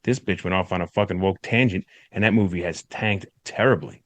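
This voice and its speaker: A man with a fairly low voice rants bluntly as he co-hosts a podcast, swearing at every turn. The sound is dry and close, with almost no room behind him. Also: fairly quick, fairly bright tone, no room sound. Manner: blunt, profane ranting. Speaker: podcast co-host. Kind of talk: casual crude banter.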